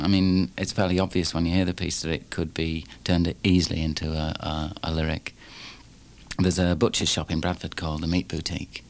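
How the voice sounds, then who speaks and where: Low and creaky, this man's voice carries a Yorkshire accent as he chants his own verse in a punchy rhythm built on recurring refrains. He's a performance poet from Yorkshire, England, giving a live poetry reading.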